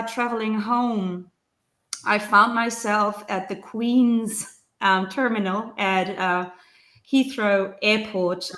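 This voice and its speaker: A woman's voice: medium pitch, a bit bright. A woman from Germany, telling a heartfelt personal story in conversation, earnest and searching, with frequent ums and restarts. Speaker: ceremony practitioner sharing experiences. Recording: roomy echo.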